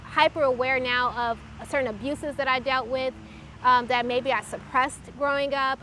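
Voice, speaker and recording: A woman telling a personal faith testimony in an earnest, reflective way, pausing often as she recalls events. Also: high-pitched, pushed and bright, a little hiss or hum. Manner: earnest, halting, reflective storytelling. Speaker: testimony speaker.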